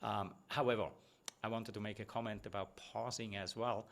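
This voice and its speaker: A man's voice: lowish voice, flat delivery, normal speed, gravelly, a bit bright. A middle-aged man giving one-on-one feedback as a presentation coach, talking conversationally with frequent tag questions and restarts.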